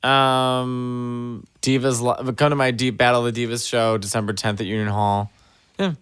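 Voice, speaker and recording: A man's voice: mid-range voice, level tone, moderate pace, a bit bright, smooth. A man guesting on a podcast in a studio, chatting in a campy, storytelling way. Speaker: comedian guest. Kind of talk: casual podcast chat. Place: recording studio.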